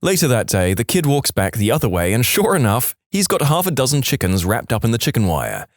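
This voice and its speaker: A man hosting a podcast, reading jokes aloud in a deadpan way. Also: mid-range voice, fairly quick, no room sound, studio quality. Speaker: podcast host.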